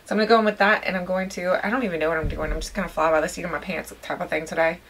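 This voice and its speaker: A woman's voice: on the low side, steady tone, very fast, a bit bright, slight background noise. A woman chatting casually to her viewers while doing her makeup, rambling and poking fun at herself. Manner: chatty, rambling, self-deprecating. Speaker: beauty vlogger. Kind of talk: casual get-ready-with-me chat.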